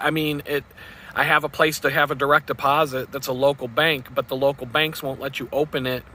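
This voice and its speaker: A man's voice: a little high, sharp tone. A man talking casually to his vlog audience in a blunt, rambling, profane way. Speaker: vlogger.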